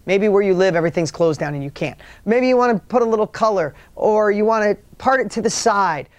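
A man's voice: high voice, brisk, no room sound. A middle-aged man giving a motivational talk, earnest and rambling, often restarting his sentences. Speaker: motivational speaker.

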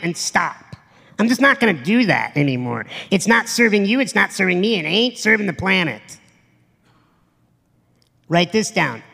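Blunt, profane motivational speaker, gravelly voice. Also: medium pitch, fairly bright tone, in a large hall. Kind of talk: live motivational stage talk.

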